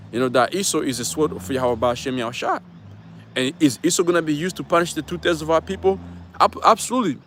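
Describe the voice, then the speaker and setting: Man, street preacher, live stream, rambling, profane, emphatic, slightly high voice, outdoors by traffic. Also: fairly bright tone.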